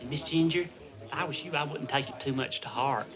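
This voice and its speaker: An actor playing a naive, cheerful young Marine private with a folksy Southern drawl, polite and earnest, in a 1960s TV sitcom. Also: male voice, fairly high pitch, fairly quick, lo-fi sound, lightly acted. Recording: TV soundtrack with laugh track and music.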